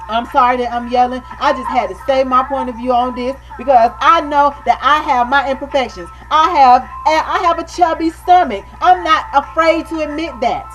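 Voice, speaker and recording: High-voiced woman ranting with music behind. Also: normal speed, few pauses, fairly bright tone, poor audio. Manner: emphatic, repeats "you know what I mean", calls viewers baby. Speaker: video blogger. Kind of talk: impassioned webcam rant.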